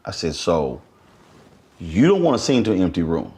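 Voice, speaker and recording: A man's voice: sits low, moderate pace. A man hosting a conversational interview, telling stories and acting out what people said to him. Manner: animated storyteller, acts out quotes. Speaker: host.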